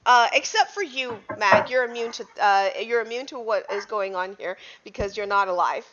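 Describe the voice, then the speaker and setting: A woman's voice: mid-range voice, expressive, normal speed, a bit bright. A woman narrating as game master of a tabletop superhero game, easygoing and laughing along with her players. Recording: dull lo-fi podcast audio.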